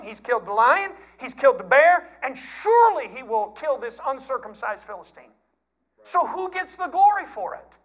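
A man who pastors a church, preaching a sermon in a folksy, animated storytelling way. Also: very high-pitched.

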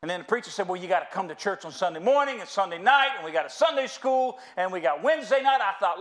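This middle-aged American pastor talks fast with hardly any pauses, his high, slightly bright voice full of lively intonation. Preaching in a church sanctuary, he's folksy and funny, telling stories and calling the congregation y'all.

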